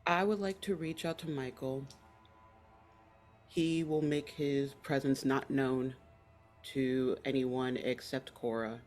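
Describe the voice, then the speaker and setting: A player in a tabletop game, explaining their moves and rolls in an unhurried way. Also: medium pitch, fairly even intonation, a little mellow, faint music behind.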